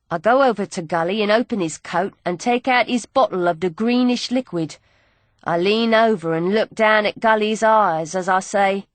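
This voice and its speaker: A woman narrating a first-person novel in a spirited, plainspoken voice, dropping into rough street grammar. Her pitch sits in the middle of the range. The sound is close and completely dry, with no room around it. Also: normal speed, dry recording. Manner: lively dialect storytelling, working-class grammar. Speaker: audiobook narrator.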